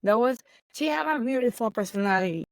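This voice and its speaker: A woman, a baker chatting in an interview, animated and laughing often. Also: fairly high pitch, quick pace, no room sound, low-quality recording. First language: Spanish. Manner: animated, laughs often, non-native grammar. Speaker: baker and guest. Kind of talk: casual interview chat.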